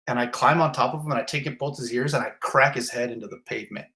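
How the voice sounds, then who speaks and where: A man's voice: mid-range voice, fast talker, bright, forceful tone. Blunt, intense man telling his story. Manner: vivid, blunt storytelling with swearing. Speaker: fire captain. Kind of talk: intense first-person retelling.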